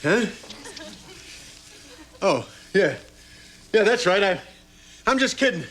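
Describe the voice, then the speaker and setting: A man's voice: high voice, very animated, slow pace, full character voice. An actor playing a hot-tempered, bumbling sitcom father who blusters and rants. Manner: blustering, rants in sudden outbursts.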